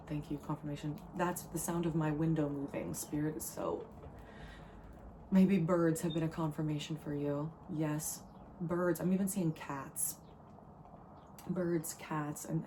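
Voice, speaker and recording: Earnest low-voiced woman tarot reader. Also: noisy background. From New Jersey. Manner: earnest, emotional, rambling with restarts. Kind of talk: spiritual channeling reading.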